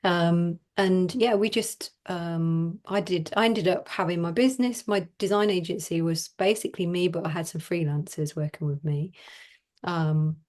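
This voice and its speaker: Woman, middle-aged, business coach, casual interview, lower pitch, animated, laughs a lot. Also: moderate pace.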